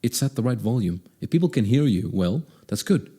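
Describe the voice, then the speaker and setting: A young man giving a casual video lesson on speaking, demonstrating examples by changing his pitch and pace and checking in with the viewer often. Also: animated, a little fast, mellow, breathy edge. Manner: conversational with frequent check-ins. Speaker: voice coach.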